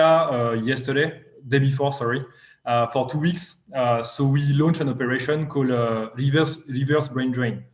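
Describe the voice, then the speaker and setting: A man's voice: mid-range voice, roomy sound. A man speaking as a guest investor in a live online interview, talking hesitantly with many fillers.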